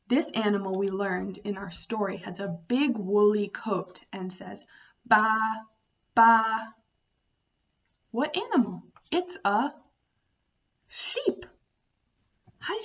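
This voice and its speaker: A woman teaching young children about farm animals, speaking slowly and making animal sounds. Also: medium pitch, highs cut off. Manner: slow, sing-song, imitating animal sounds. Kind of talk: children's storytime lesson.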